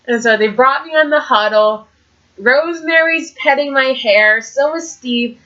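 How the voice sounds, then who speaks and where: Woman, vlog host, fairly high voice, excitable, rambling storytelling, dull lo-fi sound. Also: unhurried. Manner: excitable, lots of fillers and quoted reactions. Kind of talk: casual storytelling.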